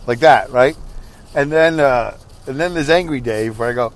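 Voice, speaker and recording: Tired and sleepy at the wheel of his truck, a middle-aged man rambles through a laid-back podcast monologue as host, running himself down along the way. He speaks briskly at a medium pitch with fairly even intonation.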